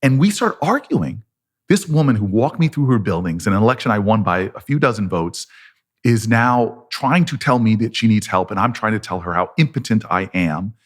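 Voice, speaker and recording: A man's voice: fairly low pitch, animated, normal speed. A man in his fifties with an American accent, telling a long story with animation and acting out both sides of the conversations. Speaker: politician guest.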